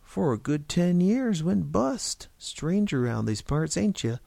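A man's voice: on the high side, big pitch swings, unhurried, creaky, mellow, no echo, voice pushed up, full character voice. A man voicing a gossipy older small-town shopkeeper with a folksy drawl.

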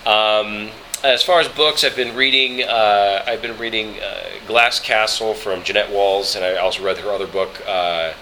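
A man, a voice actor from Colorado, telling travel stories in a relaxed interview, halting with many fillers and restarts. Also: fairly low pitch, slight background noise, low-quality recording. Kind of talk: relaxed interview chat, storytelling.

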